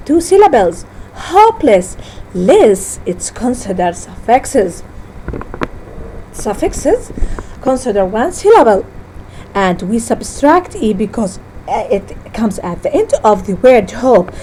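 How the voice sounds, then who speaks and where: Teaching a class about syllables, this woman speaks slowly and deliberately, going word by word, often stopping to correct herself with hesitant phrasing. The recording is rough with a faint hiss, and her mellow tone moves in lively pitch swings.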